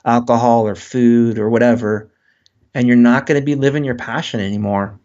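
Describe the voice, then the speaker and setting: Author guy on a podcast, animated, does little voices for quotes, dull lo-fi sound. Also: medium pitch, normal speed. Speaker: author and guest. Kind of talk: casual interview talk.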